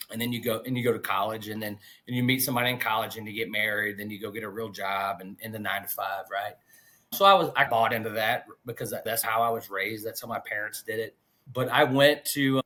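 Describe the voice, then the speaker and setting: A man's voice: mid-range voice, pushed and bright. A man, telling his story as a guest in a casual, folksy way. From Gulf Coast of Alabama, US. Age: 40s. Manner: laid-back, folksy, peppers talk with "man" and "dude". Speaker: guest pitmaster.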